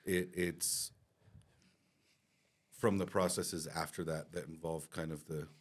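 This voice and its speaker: Here a man with a bass voice and a breathy edge takes things slowly, keeping his intonation fairly even. He helps host a business podcast and works on the company team, and his talk is candid and casual, with some swearing and false starts.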